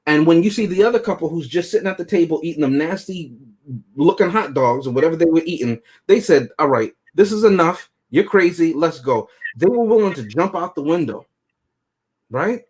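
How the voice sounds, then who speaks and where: A man reviewing movies in a loose, joking podcast chat, chuckling through his own lines. His voice is a bit husky and sits somewhat high. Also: lively intonation, brisk, a little mellow. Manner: joking, chuckles often while talking.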